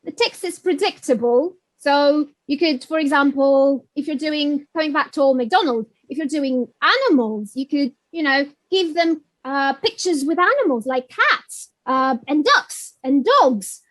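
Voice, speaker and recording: High-voiced woman giving a teaching webinar. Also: a little slow, few pauses. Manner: animated, sings and mimics animal sounds to demonstrate; many fillers, friendly explaining. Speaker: teacher trainer. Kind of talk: webinar presentation.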